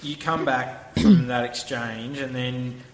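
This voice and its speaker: A man's voice: mid-range voice, takes it slowly. A man hosting an interview podcast, casually prompting his guest with questions and restarting them as he goes. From Australia. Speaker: podcast host. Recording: echoey roomy sound, faint background noise.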